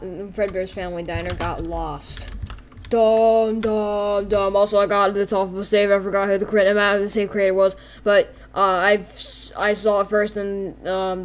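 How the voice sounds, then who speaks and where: A woman commenting on her game roleplay in a rambling, jokey way, with quick asides, at her computer on a desk mic. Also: mid-range voice, slight background noise. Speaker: gameplay video creator.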